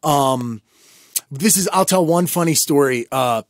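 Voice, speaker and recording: Guy cohosting a podcast, kinda high voice, rambly storytelling, dry close mic. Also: unhurried, no echo. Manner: rambling, animated storytelling with many restarts. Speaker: podcast co-host. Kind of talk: casual chat.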